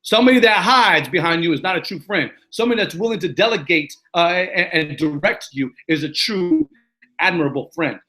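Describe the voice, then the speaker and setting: A coach gives a motivational talk in a blunt, plain-spoken way. This man has a high voice with a bright, forceful edge. He drives each point home with emphasis. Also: lively intonation, fairly quick.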